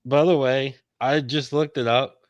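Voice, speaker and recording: A man's voice: mid-range voice, fairly even intonation, measured pace, dry recording. A man co-hosting a podcast, joking casually and swearing for emphasis. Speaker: podcast co-host.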